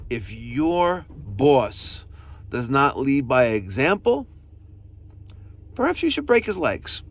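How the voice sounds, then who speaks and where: A man's voice: high-pitched, fairly bright tone, slight background noise. A man, a heating technician from New York, ranting profanely while he drives to a service call, recorded in his car. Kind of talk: driving vlog rant. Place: in a car, driving.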